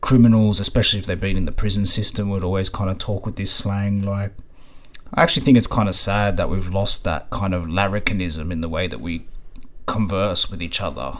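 Deep-voiced Australian man rambling casually. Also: a little fast. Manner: rambling, casual swearing, frequent fillers. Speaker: podcast host. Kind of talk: casual storytelling monologue.

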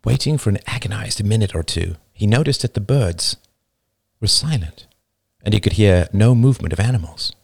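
A man reads an audiobook in a measured, soft-spoken manner. His voice is very low. The recording is close and dry. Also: gravelly, no echo. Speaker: narrator. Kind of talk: audiobook narration.

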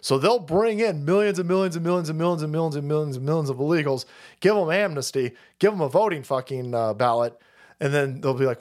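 A man's voice: on the high side, animated, fairly quick, darkish tone. A man hosting a livestream, ranting crudely with frequent laughter and repeated words. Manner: crude, laughs often, rambling and repetitive. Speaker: livestream host. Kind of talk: profane ranting commentary.

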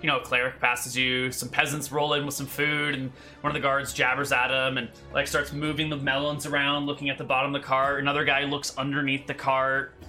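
A man's voice: mid-range voice, flat delivery, fairly quick, hardly any pauses, pushed and bright, soft background music. A man narrating a tabletop game as game master in a casual, rambling way with many fillers.

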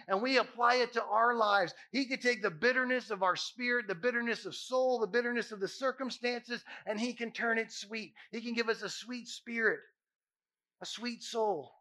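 High, bright-voiced man preaching a sermon. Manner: impassioned, emphatic preaching with repeated phrases. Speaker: pastor.

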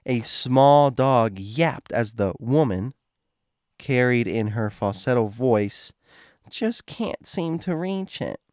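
A man's voice: medium pitch, expressive, takes it slowly, a little mellow, dry recording, clean studio sound. A man hosting a show, reading a creepy true story aloud, stumbling over words and adding his own asides. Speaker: host reading a story post.

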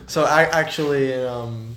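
A man hosting a casual interview, chatty and laid-back, asking quick questions. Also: medium pitch, background noise. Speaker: host. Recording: echoey room.

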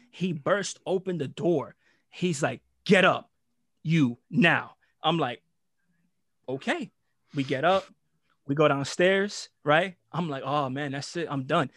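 Animated profane man from New York. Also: on the high side, no room sound, clean studio sound. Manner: animated, profane, slangy, acts out voices. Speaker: guest storyteller. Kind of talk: casual storytelling chat.

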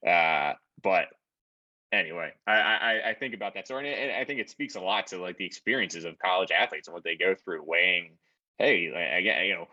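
A man's voice: sits low, fairly quick, lo-fi sound. A young man, a podcast co-host and former college athlete, telling anecdotes in casual conversation with many restarts. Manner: animated anecdotes with frequent restarts.

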